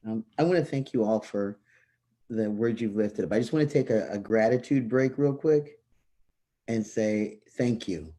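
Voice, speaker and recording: A panel moderator who speaks earnestly and frankly, framing questions with personal examples over a video call. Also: male voice, fairly low pitch, normal speed, mellow. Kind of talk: panel discussion.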